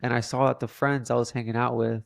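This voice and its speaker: A man's voice: medium pitch, level tone, fast, creaky, no room sound, studio quality. A young man telling a personal story in a casual, earnest way, often saying "like" as a filler. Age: young adult. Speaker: podcast guest.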